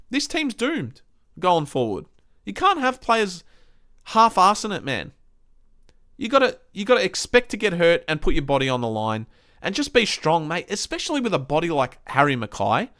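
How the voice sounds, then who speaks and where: A man's voice: a little high, fairly bright tone. A man with an Australian accent hosting a football review podcast, ranting heatedly and swearing often. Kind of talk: casual ranting match review.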